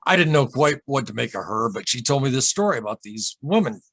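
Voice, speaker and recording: A man with a husky voice tells his own strange story to an interviewer. He rambles, repeats himself and restarts, and his voice sits at an ordinary pitch. The sound is close and dry. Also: lively intonation, fairly bright tone, no echo. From Michigan, USA. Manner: rambling, halting, with many repeated starts and asides. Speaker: interview guest recounting a UFO encounter. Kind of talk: emotional storytelling in a casual interview.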